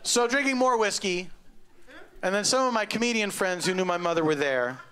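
A middle-aged man telling a stand-up story on stage, wry and deadpan with sudden loud outbursts. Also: high voice, brisk. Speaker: stand-up comedian. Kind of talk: stand-up comedy set. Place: comedy club stage before a live audience.

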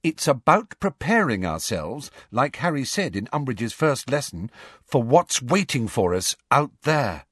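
A man's voice: medium pitch, sing-song, measured pace, a bit bright, slightly rough, no room sound, clean studio sound, pitched above the performer's own voice, full character voice. A man voicing an earnest, insistent teenage schoolgirl in an audiobook reading. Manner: eager and insistent. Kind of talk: audiobook character voice.

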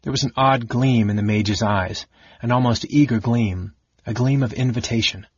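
A man reading an audiobook in a measured, dramatic narration. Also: mid-range voice, breathy edge, no room sound, muffled recording.

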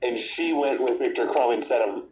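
A man's voice: mid-range voice, fairly quick, darkish tone, slight background noise. A man co-hosting a casual podcast, hesitant and filling his talk with "like" and "I don't know". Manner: hesitant, many fillers and restarts. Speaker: podcast co-host. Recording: dull lo-fi audio.

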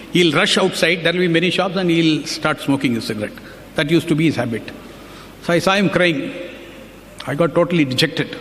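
A man's voice: fairly high pitch, fairly bright tone, big-room sound, slight background noise. A man giving an earnest devotional talk, telling anecdotes and quoting others as he goes. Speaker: devotional speaker.

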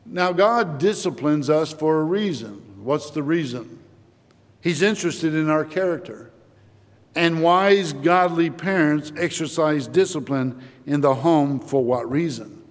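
A man preaching a sermon, slow and deliberate, rising in emphasis as he quotes scripture to his congregation. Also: on the high side. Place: church sanctuary. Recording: long church-hall reverb.

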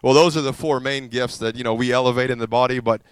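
A male pastor telling a story in a sermon, animated and self-deprecating, acting out what others said to him. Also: mid-range voice, fast talker, clear, resonant tone, dry recording.

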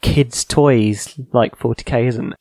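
A man co-hosting a hobby podcast in casual chat. He is relaxed and wry and laughs often. His voice sits at a middle pitch, recorded close on a dry microphone. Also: slow, dry recording. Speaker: podcast co-host.

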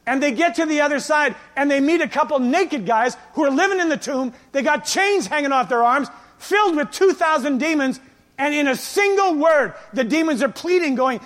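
A male pastor delivers a sermon in an animated storytelling style and voices the people in his stories. His voice sits high for a man. The sound carries the long reverb of a church hall. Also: moderate pace. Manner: animated storytelling, acting out quoted lines.

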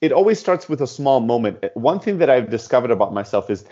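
A man who runs a startup, telling stories in a podcast interview in an animated way, swearing freely and acting out dialogue. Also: medium pitch, fast talker, lo-fi sound. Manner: animated, profane, acts out dialogue. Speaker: guest, startup CEO.

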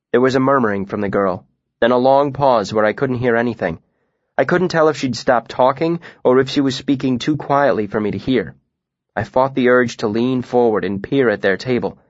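Male narrator, scripted first-person story, measured delivery, dry booth sound, a bit muffled. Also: mid-range voice, no echo. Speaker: audiobook narrator.

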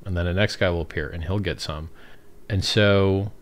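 A man's voice: low voice, normal speed. A man hosting a livestream, reading chat questions and answering them in a rambling, off-the-cuff way and laughing at his own remarks.

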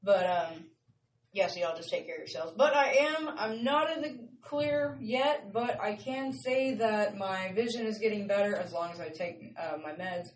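A woman's voice: mid-range voice, moderate pace, far from the mic. A woman hosting her show in a casual, rambling, chatty way, often laughing. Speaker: show host. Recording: roomy sound from off-mic with faint noise.

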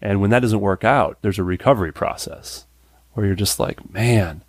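Lively low-voiced man in his thirties. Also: normal speed, no room sound, clean studio sound. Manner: animated, acts out quoted voices with big pitch jumps; laughs often, frequent "like" fillers. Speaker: guest character actor and improviser. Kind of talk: casual podcast interview chat.

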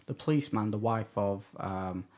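A man's voice: on the low side, moderate pace, darkish tone. A man, a podcast co-host in casual chat, talking tentatively and ending points with tag questions.

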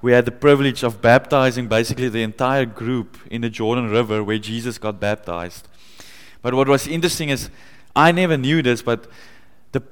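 A man preaching a sermon in a church, conversational, laughing often and growing excited as he tells stories. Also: mid-range voice, smooth, long reverb tail. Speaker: pastor.

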